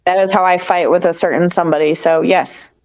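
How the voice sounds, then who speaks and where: A woman's voice: lowish voice, fairly even intonation, a little fast, darkish tone, highs cut off. A woman co-hosting a casual TV review podcast, talking as an eager, opinionated fan. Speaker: podcast co-host.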